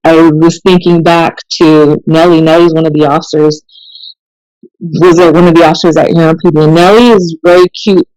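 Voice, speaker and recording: A woman, a police officer, telling stories in a casual podcast conversation, chatty and animated and laughing often. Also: sits low, normal speed, no room sound, low-quality recording.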